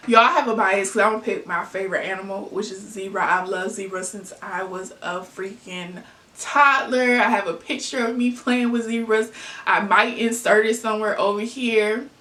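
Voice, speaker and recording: Southern lady vlogging, bright voice, kinda far off in an echoey room. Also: mid-range voice, fairly even intonation, normal speed. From Southern US (Arkansas/Tennessee). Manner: chatty, answers her own questions with fillers and asides. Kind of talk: casual get-to-know-me chat. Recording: echoey room, mic at a distance.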